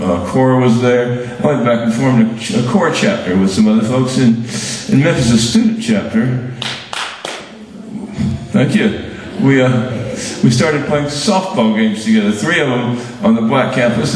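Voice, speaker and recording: Brief older man recounting memories with halting restarts and wry humor, heard from afar in a big echoing room. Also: mid-range voice, a little mellow. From Birmingham, Alabama. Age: 70s. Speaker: award recipient giving a speech. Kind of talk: reminiscing speech to an audience. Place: large hall at an awards event. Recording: very echoey hall, mic far off.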